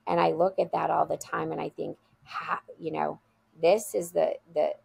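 This is a woman who guides children at a school, telling a story in an interview. She talks in an earnest, heartfelt way and repeats phrases to drive a point home. Her voice sits low and has a gravelly edge. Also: little pitch movement, normal speed, darkish tone.

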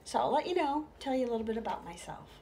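A middle-aged woman telling humorous stories, lively, with hushed whispered asides. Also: fairly high pitch, fast talker, noisy background. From United States. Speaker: storyteller. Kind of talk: humorous stage storytelling.

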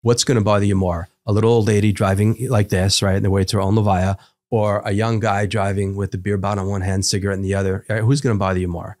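A man's voice: lowish voice, flat delivery, fast, darkish tone. A man who is a psychotherapist, talking in a podcast interview and explaining ideas through everyday examples and rhetorical questions. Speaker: psychotherapist guest.

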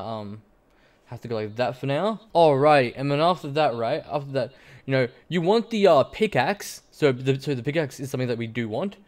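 A young man giving rambling, profane gaming commentary as a VTuber streamer, full of fillers and jokey mock-presenter lines. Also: medium pitch.

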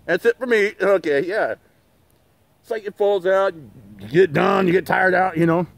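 In a high voice at normal speed, a middle-aged channel host rants on his livestream. He swears a lot, wanders off topic, and keeps restarting sentences and filling pauses.

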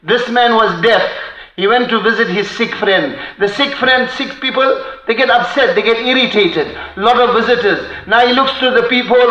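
A man preaching a sermon with passion, breaking into fast Arabic recitation of poetry, recorded in a mosque hall. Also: very high voice, bright, forceful tone, muffled recording. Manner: impassioned, quotes Arabic poetry in rapid recitation. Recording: echoey hall.

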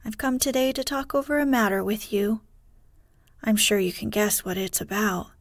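A woman voicing a kindly old male village pastor in a story, speaking earnestly and gently in a hushed bedtime read. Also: mid-range voice, normal speed, dry recording, natural voice.

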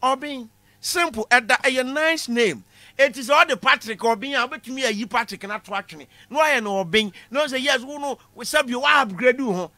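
A man giving a comic classroom lecture, animated, shouting punchlines and laughing at his own jokes. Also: extremely high pitch, brisk, no room sound. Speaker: comedy lecturer.

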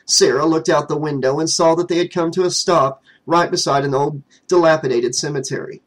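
A man's voice: fairly high pitch, a little fast, rough recording. A man narrating a fan novel as an audiobook, reading steadily.

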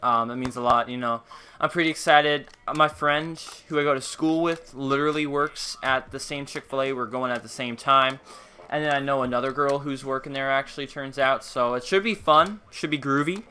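A man's voice: mid-range voice, steady tone, normal speed, pushed and bright. A young man streaming a game, chatting casually and playfully, greeting viewers by name. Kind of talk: casual live-stream chat while gaming.

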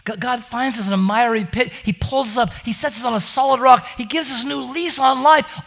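Male preacher, high gravelly voice, super lively storytelling, keeps restarting words. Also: fairly quick, hardly any pauses. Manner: animated storytelling, stammering restarts, voices characters in anecdotes. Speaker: pastor. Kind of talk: sermon with acted-out stories. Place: church service.

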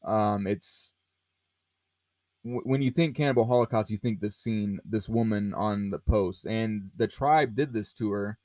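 Slow, low-voiced man rambling on a podcast. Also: darkish tone, no room sound. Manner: rambling, many fillers and restarts. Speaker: podcast host. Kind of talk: casual film discussion.

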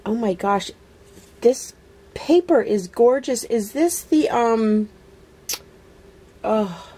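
A woman vlogger unboxing a craft swap package in casual chat, gushing over each item with excited exclamations. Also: fairly high pitch, drawn-out words, breathy edge.

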